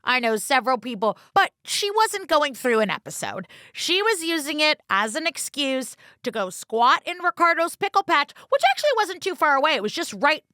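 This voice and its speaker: Podcast co-host, woman, high and bright, playful and sarcastic. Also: sing-song, normal speed, few pauses, dry recording, clean studio sound. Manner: playful, sarcastic storytelling with silly voiced quotes. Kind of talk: casual true-crime recap chat.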